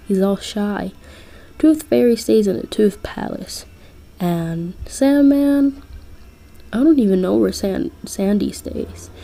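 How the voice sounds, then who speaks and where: A cocky young male winter spirit with a rambling, offhand way of talking, as a woman reads him out in a fan audio story. He drawls slowly, his tone soft and mellow. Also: medium pitch, gravelly. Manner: casual, rambling.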